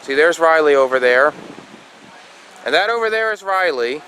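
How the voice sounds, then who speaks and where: A man vlogging a road trip on a handheld camera, rambling and repeating himself, with excitable bursts. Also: fairly high pitch, normal speed, slight background noise, low-quality recording. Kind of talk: casual road trip vlog.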